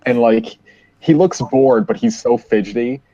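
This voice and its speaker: A man's voice: mid-range voice, measured pace, dark tone, muffled recording, slight background noise. A man playing a tabletop game, casual and playful. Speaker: player.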